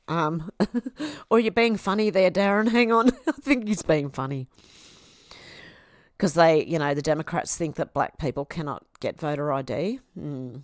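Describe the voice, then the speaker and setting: A woman's voice: on the low side, no room sound, studio quality. An Australian woman hosting a casual livestream, reading out viewer comments in a chatty, affectionate way and laughing often. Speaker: livestream host.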